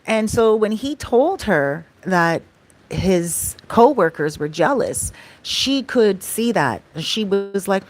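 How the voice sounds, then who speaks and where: A woman's voice: mid-range voice, animated, takes it slowly. A woman telling a story to her viewers in a casual vlog, chatty and often checking in with "right?".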